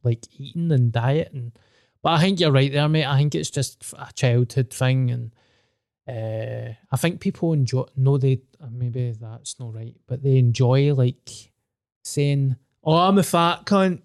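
A man's voice: mid-range voice, measured pace, gravelly, dark tone, no room sound. Scottish man, young adult, podcast host, sweary, candid, dry close sound. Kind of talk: casual podcast chat.

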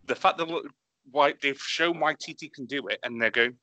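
A man with a bright, forceful voice, talking fast and eagerly. The sound is close and dry, with no room around it. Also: mid-range voice, no room sound. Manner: excitable, swearing, animated. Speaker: podcast co-host. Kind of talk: enthusiastic casual chat.

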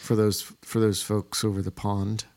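A man's voice: fairly low pitch, flat delivery, normal speed, a little mellow. A young man co-hosting a podcast, teasing dryly and running himself down. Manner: dry, teasing, self-deprecating. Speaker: podcast co-host. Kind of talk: casual chat.

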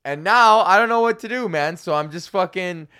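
A man hosting his own podcast alone, ranting in a profane, excitable way, jumping between loud outbursts and low mutters. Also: moderate pace, clean tone. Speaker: podcast host. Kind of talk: solo comedic rant.

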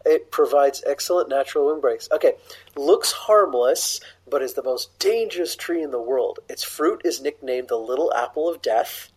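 A man's voice: medium pitch, animated, darkish tone, slightly rough, low-quality recording. A man co-hosting a podcast, eagerly reading facts aloud in casual chat. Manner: reads facts aloud eagerly, quick reactions. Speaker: podcast co-host.

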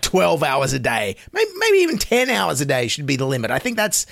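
A man's voice: on the high side, wildly swooping pitch, fairly quick, vocal fry, hardly any pauses, a bit bright, dry recording, studio quality. A man with an Australian accent giving sarcastic satirical news commentary, mocking and exaggerating his emphasis. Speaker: comedy host.

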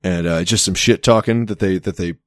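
A man's voice: deep voice, a little fast, no room sound, studio quality. A man in casual chat, telling a rambling story with plenty of swearing and laughter.

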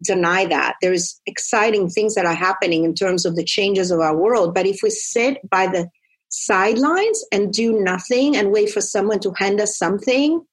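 A woman's voice: mid-range voice, normal speed. A woman in casual conversation, talking animatedly and acting out quotes as she tells stories. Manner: animated storyteller, acts out quotes.

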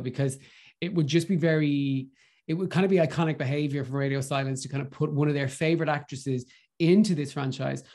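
Effusive Irish man gushing about films. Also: a little high. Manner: gushing and animated, with lots of restarts. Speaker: podcast guest. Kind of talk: casual film review chat.

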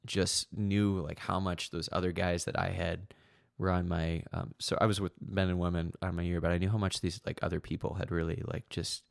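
A young man with a very low, gravelly voice hosts a casual faith conversation. He speaks haltingly, full of "um"s and restarts. The sound is dry and close, with no room echo. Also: level tone. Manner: halting, many fillers and restarts. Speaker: podcast host.

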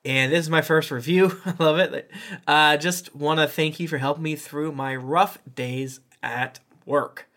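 A man's voice: on the high side, steady tone, a little slow, bright, forceful tone. Playful man reading listener reviews. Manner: chuckling, playful aside-filled reading.

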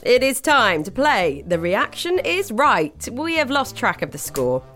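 A woman's voice: on the high side, sing-song, a little slow, soft background music. A British woman co-hosting a casual podcast, bubbly and laughing often. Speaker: podcast co-host.

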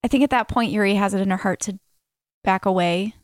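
A woman's voice: medium pitch, fairly quick, no room sound. Woman, tabletop player, hesitant, thinking aloud, dry close sound. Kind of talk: tabletop role-play chat.

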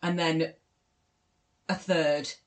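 A young woman, telling a dating story in a casual podcast chat, self-deprecating and animated. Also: deep voice, drawn-out words, crowd noise. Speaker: podcast co-host.

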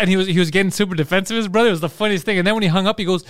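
A man's voice: racing, hardly any pauses, clear, resonant tone, dry recording, studio quality. A man co-hosting a comedy podcast in casual chat, swearing freely and jumping into mocking voices when he quotes people. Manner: laughs often, swears, jumps into high mocking voices when quoting. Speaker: podcast co-host.

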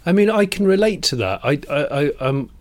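A man's voice: on the high side, sing-song, brisk. A man co-hosting a podcast, chatting in a playful, mock-serious way with stumbling restarts. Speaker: podcast co-host. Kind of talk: casual chat.

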